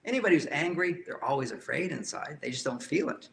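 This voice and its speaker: A man's voice: fairly high pitch, animated, fast talker, creaky, fairly bright tone. A man speaking as a relationship counselor, giving an emphatic talk to a live audience and often repeating key phrases.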